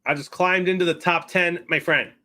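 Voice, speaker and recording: A man co-hosting a live fantasy sports show, giving quick updates and asides. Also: a little high, steady tone, pushed and bright. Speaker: co-host.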